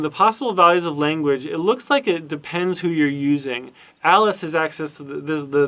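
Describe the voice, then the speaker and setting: A man lecturing informally over a screen recording, his voice sitting a little high for a man. He thinks out loud as he goes, with plenty of ums, uhs and restarted phrases. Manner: thinks aloud with many fillers and restarts. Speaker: university lecturer. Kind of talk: casual recorded lecture walking through documentation.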